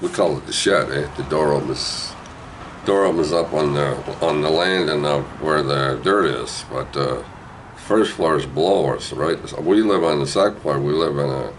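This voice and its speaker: A man's voice: rumbling low, normal speed, a little hiss or hum, rough recording. A man, rambling through a childhood memory with lots of tag questions. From New Brunswick, Canada. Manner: rambling, digressive, with frequent "eh" and "right". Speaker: storyteller. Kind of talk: casual spoken memoir.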